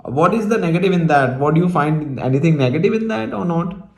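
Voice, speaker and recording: A man hosting an English practice discussion, talking in a halting way with frequent pauses. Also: a little high, animated, gravelly, darkish tone, roomy sound. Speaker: host.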